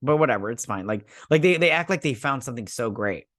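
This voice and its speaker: A man recaps a TV episode in a loose, rambling way, full of fillers and restarts. His tone turns sarcastic and dismissive. His voice sits at a middle pitch, and the recording is dry and close with no room sound. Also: lively intonation, fast talker, a bit bright, no echo. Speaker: show reviewer host. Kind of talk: casual episode recap and review.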